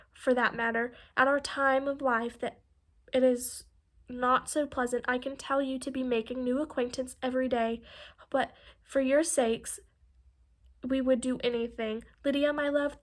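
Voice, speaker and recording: A fussy, excitable middle-aged mother, read by a woman in a period storybook. The voice is high and full of complaint, fretting over her nerves and her daughters.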